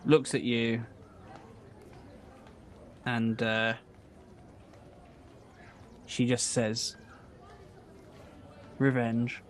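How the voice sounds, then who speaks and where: A man's voice: mid-range voice, flat delivery, drawn-out words, pauses often, a little hiss or hum. A man narrating an improvised tabletop game as dungeon master, describing scenes hesitantly with many fillers.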